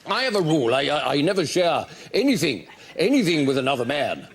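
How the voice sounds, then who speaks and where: A man's voice: fairly high pitch, sing-song, fairly quick, breathy edge, full character voice. A man impersonating a posh, greedy, buffoonish male politician, rambling with stammered restarts. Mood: smug rambling. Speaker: comedian. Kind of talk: improvised sketch impression. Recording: noisy studio with loud audience.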